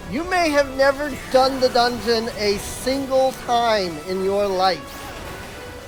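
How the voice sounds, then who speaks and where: A game streamer chatting casually on a live stream, telling exasperated stories with lots of "like" and restarts. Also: medium pitch. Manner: exasperated storytelling, full of "like" and restarts.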